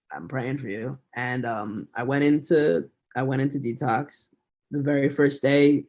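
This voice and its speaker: A man in his thirties, talking candidly as a podcast guest, with a pitch that sits mid-range for a man. He tells his story at a quick conversational pace and laughs now and then. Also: a little mellow.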